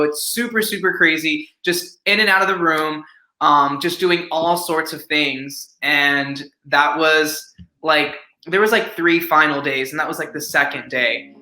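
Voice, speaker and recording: A young actor, a guest on an interview, tells an upbeat, rambling story packed with "like" and other fillers. His voice is on the high side, pushed and bright. The room is echoey, with faint music playing.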